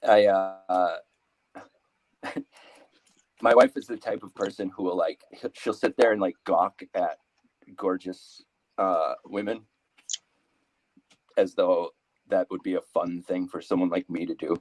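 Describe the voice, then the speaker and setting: A man in his thirties telling a rambling stand-up story, halting, full of fillers and restarts. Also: sits low, steady tone, darkish tone, no room sound, rough recording. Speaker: comedian.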